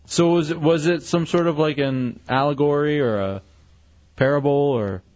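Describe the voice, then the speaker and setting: A man's voice: fairly high pitch, moderate pace, darkish tone. A man co-hosting a radio show, mocking and sarcastic in casual banter. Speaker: radio co-host. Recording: muffled radio broadcast with faint music.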